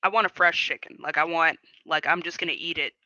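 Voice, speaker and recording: A woman's voice: sits low, fast, sharp tone, no echo, highs cut off. A woman playing a tabletop game, chatting casually with lots of "like" and "you know". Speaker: player.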